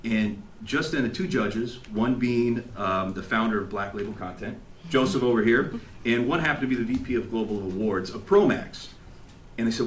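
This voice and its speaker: A man giving an emotional, animated storytelling speech to an audience at an event, acting out what people said. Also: mid-range voice, moderate pace, slight background noise. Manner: animated, acts out quotes, laughs along. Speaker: graduating student giving a speech. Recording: echoey hall, faint ambience.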